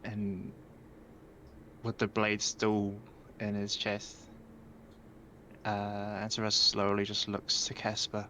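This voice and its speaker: A man playing a tabletop role-playing game, describing his character's actions gravely with many hesitant fillers. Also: lowish voice, completely flat delivery, slow, pauses often, sharp tone, a little hiss or hum, poor audio. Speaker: player.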